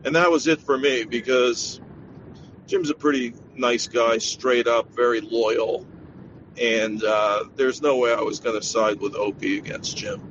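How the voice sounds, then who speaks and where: A man guest in a casual podcast chat, telling stories in a measured way. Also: medium pitch, steady tone, fairly bright tone, highs cut off, a little hiss or hum.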